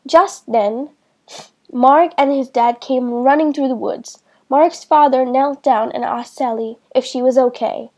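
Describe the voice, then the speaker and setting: A woman reads a children's storybook aloud in a slow, clear way for beginners. Her voice is high and her tone is soft and mellow. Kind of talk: children's book read-aloud.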